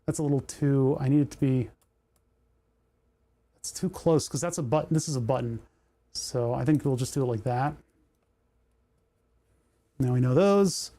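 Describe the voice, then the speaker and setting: A man's voice: medium pitch, normal speed, pauses often, mellow, no echo. A man hosting a casual livestream from his home workshop, rambling and talking to himself as he works through menus on a desk mic. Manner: rambling, talks to himself while fiddling with menus. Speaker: livestream host. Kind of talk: casual livestream chat while working. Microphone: desk microphone.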